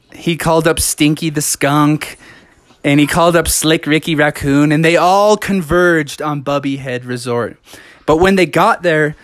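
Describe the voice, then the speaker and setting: A man's voice: a little high, dry recording. A man telling an improvised children's story live, rambling along with fillers and self-corrections.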